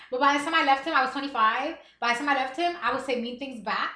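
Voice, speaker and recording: A woman in her thirties chats openly with her livestream viewers, laughing often between thoughts. Her voice sits high and sounds bright and forward. The room around her is echoey. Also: fast talker, few pauses. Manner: candid, chatty, laughs often. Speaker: livestream host. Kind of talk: casual chat.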